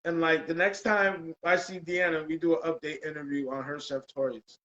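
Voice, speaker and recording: Male host, casual, slightly high, dull lo-fi sound. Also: level tone, moderate pace, pushed and bright. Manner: laid-back, says "bro" and "man" a lot. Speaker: podcast host. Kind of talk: casual chat.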